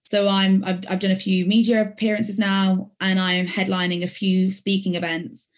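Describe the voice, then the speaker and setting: A woman's voice: mid-range voice, level tone, normal speed. A woman in her late twenties from Birmingham, with a faint Birmingham accent, giving earnest, reflective interview answers as a barrister and sometimes correcting herself mid-sentence. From Birmingham, England. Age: late 20s. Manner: earnest, reflective, with some self-correcting restarts. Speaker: barrister, podcast guest.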